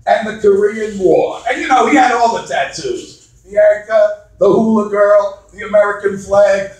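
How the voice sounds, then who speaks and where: A man over fifty doing a stand-up comedy set in a club, brash and crude, shouting his punchlines. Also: sits high, recorded from a distance. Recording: echoey club recorded from afar.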